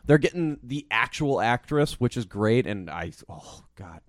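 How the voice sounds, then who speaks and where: A man co-hosting a podcast in casual chat, animated, swearing and laughing often. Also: mid-range voice, measured pace, dry recording, clean studio sound. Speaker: podcast co-host.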